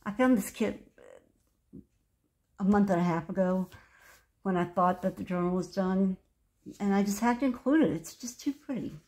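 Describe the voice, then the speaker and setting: A woman in her sixties talks through her handmade journal in a relaxed show-and-tell. She gushes over every page and wanders off on side thoughts. Her pitch sits in an ordinary middle range. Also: moderate pace, long pauses. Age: 60s. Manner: gushing, chatty, meandering. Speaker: craft vlogger. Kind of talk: casual craft show-and-tell.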